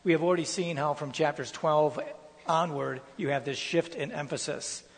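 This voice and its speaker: A pastor explaining scripture in a sermon, teaching with emphatic stresses. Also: male voice, on the high side, normal speed, big-room sound.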